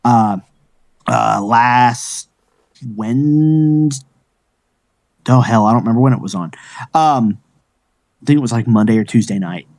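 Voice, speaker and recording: A man co-hosting a casual film podcast, retelling scenes in an excitable, rambling way. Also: medium pitch, measured pace, long pauses, no room sound. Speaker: podcast co-host. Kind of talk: casual chat.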